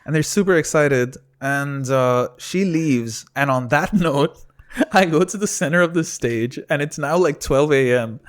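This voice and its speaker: A man, a comedian guest on a casual podcast, telling an animated story, acting out quotes and laughing often. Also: on the high side, unhurried. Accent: Emirati-raised English.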